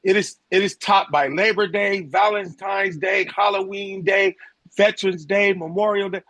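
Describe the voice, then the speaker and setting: A doctor on a radio panel presenting survey figures to the host. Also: male voice, sits high, steady tone, normal speed, gravelly, fairly bright tone, dry recording. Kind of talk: casual radio panel talk.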